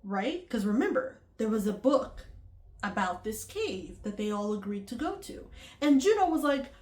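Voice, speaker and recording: A woman's voice: medium pitch, very animated, moderate pace, darkish tone. A woman vlogger casually recapping a movie in a chatty way, full of fillers, acting out the characters' lines as she goes. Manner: chatty, lots of "like" and acted-out quotes. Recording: echoey room.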